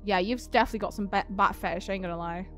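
A woman's voice: mid-range voice, steady tone, racing, fairly bright tone, soft background music. A young woman in casual gaming chat, swearing, laughing and teasing her co-host.

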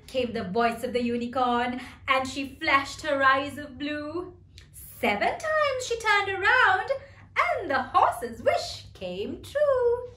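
A woman reading a rhyming picture book aloud to children in a gentle, expressive way. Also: high-pitched, takes it slowly. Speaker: storyteller. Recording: echoey room.

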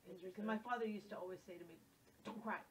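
A woman's voice: mid-range voice, rapid-fire, a little hiss or hum, rough recording. A woman in a workshop audience, asking a question hesitantly, stumbling over her words. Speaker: workshop participant. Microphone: far from the microphone. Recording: off-mic with group chatter.

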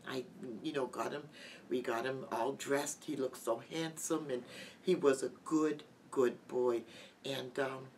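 Middle-aged woman guest, halting heartfelt testimony, mic set back with faint hiss. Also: a bass voice, steady tone, darkish tone. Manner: halting, heartfelt, with many restarts. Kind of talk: emotional personal testimony. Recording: distant mic with light background noise.

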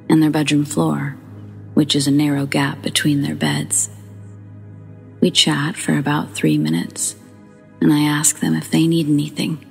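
A woman narrating true scary stories as the show's host, dropping into a hushed whisper at tense moments. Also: sits low, gravelly. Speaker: horror story narrator. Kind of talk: scripted narration.

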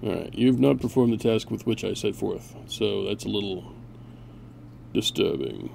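A man's voice: lowish voice, lively intonation, normal speed, gravelly, a little mellow, slight background noise. A man hosting a gameplay video, chatting casually and barking mock-grand orders at his units with a sarcastic edge.

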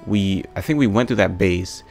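A man's voice: low voice, normal speed, vocal fry, a little mellow, faint music behind. A young man hosting a let's play, exasperated and ranting at the game, swearing often. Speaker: gaming video host.

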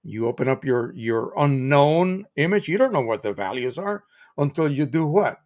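A man's voice: on the high side, lively intonation, normal speed, darkish tone. An American man hosting a live stream, explaining printing in a chatty, casual way with examples and restarts.

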